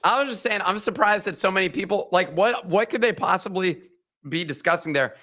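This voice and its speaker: A man co-hosting a casual crypto chat on a live audio space, joking and self-mocking with animated outbursts. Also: sits high, brisk. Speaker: co-host.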